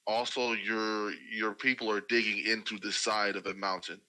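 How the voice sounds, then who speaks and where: A man narrating as game master for a tabletop game, pausing often with fillers and restarts. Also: fairly low pitch, flat delivery, pushed and bright, poor audio. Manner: halting, many fillers and restarts.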